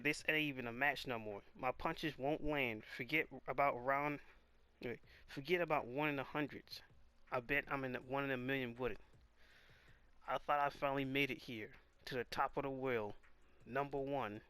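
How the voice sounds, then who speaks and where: A man's voice: medium pitch, fairly even intonation, moderate pace, pushed and bright, clear, resonant tone, no room sound, lightly acted. A man reading as a beaten young boxer. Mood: despairing. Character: young male boxer, battered and despairing.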